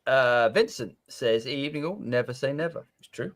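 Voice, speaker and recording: A man's voice: mid-range voice, moderate pace. A man co-hosting a live podcast, chatty, reading viewer comments aloud. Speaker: co-host reading chat. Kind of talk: casual live podcast chat.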